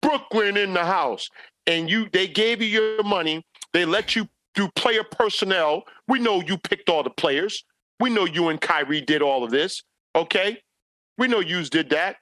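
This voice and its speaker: A man co-hosting a sports talk podcast, ranting in an animated way and mocking players in put-on quoted voices. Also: sits high, moderate pace, no echo. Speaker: podcast co-host.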